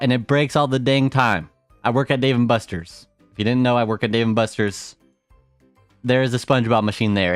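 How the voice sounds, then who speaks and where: A man's voice: low voice, smooth, dry recording. A young man chatting casually on a live stream, rambling through stories and laughing often.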